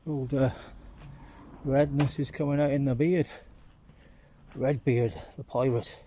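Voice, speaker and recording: A man's voice: medium pitch, fairly even intonation, slow, warm tone, slight background noise. A man rambling through a casual walking vlog outdoors on town streets, chatting like a storyteller into a handheld phone. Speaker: vlogger.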